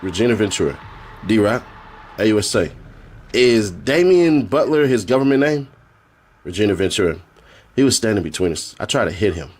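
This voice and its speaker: A man's voice: low-pitched, slight background noise. A man streaming, reading a court transcript aloud in a casual way and breaking off for joking asides. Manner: reads flatly, then breaks off for joking asides and laughs.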